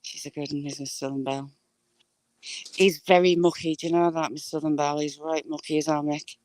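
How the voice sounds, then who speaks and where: A woman's voice: low voice, little pitch movement, brisk, darkish tone, dry recording, low-quality recording. A woman, chatting casually to viewers while she walks, greeting them by name. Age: adult with a school-age child. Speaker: live-streaming vlogger.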